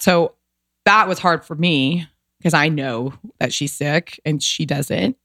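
A woman's voice: low voice, steady tone, slow, fairly bright tone, dry recording. Woman telling an emotional story, dry sound. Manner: emotional, rambling, lots of "like" and restarts. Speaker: guest. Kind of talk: casual storytelling.

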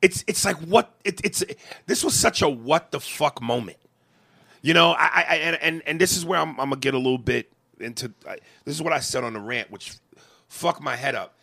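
A man's voice: on the high side, animated, a little fast, vocal fry, bright, forceful tone, breathy edge. A man in his forties on a podcast, ranting with passion, swearing and stumbling over restarts. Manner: passionate, profane, stammering restarts. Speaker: podcast co-host. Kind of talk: emotional podcast rant.

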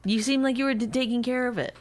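A woman co-hosting a casual podcast, her voice sitting a bit high for a woman. She answers in dry, sarcastic comebacks. She sounds middle-aged. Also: steady tone, fast. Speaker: podcast co-host. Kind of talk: casual bickering chat.

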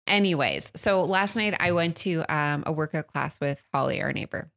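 A woman, co-hosting a podcast, telling a story in an animated way, laughing often and acting out loud quotes. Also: low-pitched, moderate pace, gravelly. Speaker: podcast co-host. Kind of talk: casual storytelling chat.

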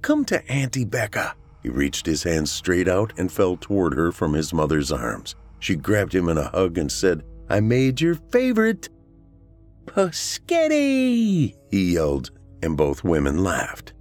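A man reading a horror story aloud as the show's narrator, in a measured storytelling manner. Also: rumbling low.

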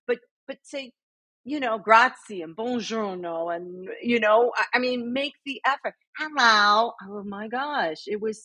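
Middle-aged american woman, husky voice, dry close sound, lively storyteller. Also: a little high, moderate pace, no room sound. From United States. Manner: animated storyteller, acts out quotes. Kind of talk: casual chat.

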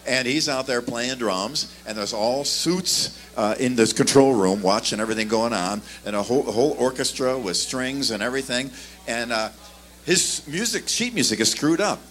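A man's voice: medium pitch, moderate pace. A man telling a story in a casual chat, acting out the voices of the people in it. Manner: animated storyteller, acts out voices. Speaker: bassist telling stories.

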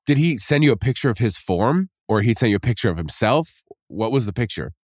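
A man co-hosting a podcast, asking quick questions and dropping wry quips in casual chat. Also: mid-range voice, lively intonation, a little mellow, dry recording, studio quality. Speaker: podcast co-host.

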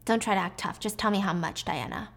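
A woman reading the lines of a haughty, wealthy mother near forty in a sharp, scornful way. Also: medium pitch, quick pace.

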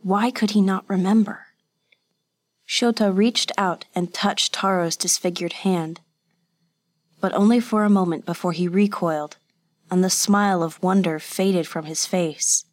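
Reading an audiobook, a woman with a lowish voice tells the story in a measured, even way from a script.

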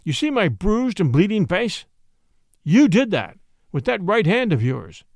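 Sly gleeful schemer, middle-aged gent, high lively theatrical protests, narrator putting him on, dry sound. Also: male voice, measured pace, no room sound, heavily acted. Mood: smug. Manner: mock-indignant, theatrical protests.

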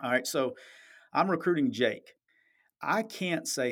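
With a slightly bright, mid-range voice and a measured pace, a man hosts a podcast about sports. His casual talk is blunt and emphatic, full of profanity, and he often asks "okay?"

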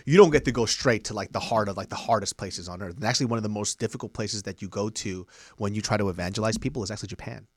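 A young adult man from the United States, a podcast host telling stories in casual comedy chat, animated and peppered with "like" and "right?". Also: lowish voice, fast talker, dry recording, studio quality. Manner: animated storyteller, lots of "like" and "right?".

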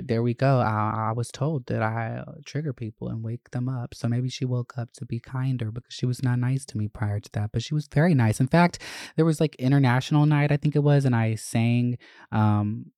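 A man's voice: medium pitch, vocal fry, a little mellow, dry recording, clean studio sound. A man hosting a podcast, telling candid, profane stories from his school days in a chatty way. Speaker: podcast host. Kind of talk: casual storytelling.

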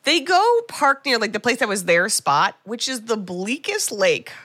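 Woman podcast host, bright forceful voice, dry close sound, animated storytelling with sarcastic asides. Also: a little high, measured pace, no echo. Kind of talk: casual film recap chat.

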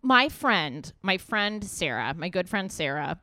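A woman hosts a podcast in a candid, jokey style full of crude humor. Her pitch swings widely, and the sound is dry and close. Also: very animated, a little slow, pushed and bright, no echo. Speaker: podcast host. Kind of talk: casual chat.

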